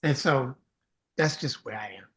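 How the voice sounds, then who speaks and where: A man's voice: medium pitch, animated, unhurried, fairly bright tone. A middle-aged man speaking as a guest in a casual interview, telling earnest stories and acting out the voices of the people in them. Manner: earnest storyteller, acts out quoted voices. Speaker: songwriter and producer guest.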